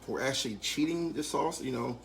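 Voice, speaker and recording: A man leading a live online cooking class, calmly explaining each step. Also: mid-range voice, fairly quick, vocal fry, a little hiss or hum. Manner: calm step-by-step instruction.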